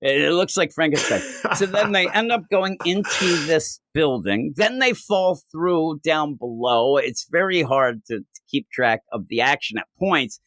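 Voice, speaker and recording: A man co-hosting a casual comics podcast, reading panel lines aloud in put-on voices and tripping over his words when he gets excited. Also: on the high side, a little slow, hardly any pauses, no echo, studio quality. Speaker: podcast co-host. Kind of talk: casual chat about comics.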